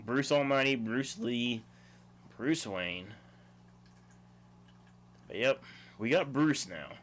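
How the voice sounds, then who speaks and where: A man's voice: medium pitch, slow pace, fairly bright tone, a little hiss or hum. Chuckling man chatting on a livestream. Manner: rambling, chuckling, reads chat aloud. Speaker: livestream host. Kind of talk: casual livestream chat.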